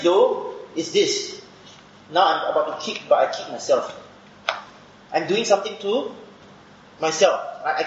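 A man with a fairly high, fairly bright voice preaches a Bible study sermon, explaining things step by step and often checking in with a questioning "right?" He's a preacher teaching scripture. The recording sounds echoey, dull and muffled, with faint background noise.

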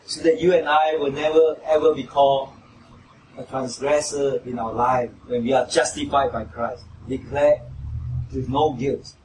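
This pastor's sermon comes across unhurried and level-toned, his medium-pitched voice a little mellow. He questions his listeners and raises his voice to quote mockers. The recording comes from an echoey church hall through a distant mic, with a little hiss or hum.

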